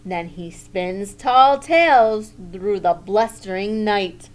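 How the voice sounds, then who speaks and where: Woman teacher, picture book read-aloud, very slow, gentle, mid pitch, asks questions. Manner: gentle, stops to comment and ask questions.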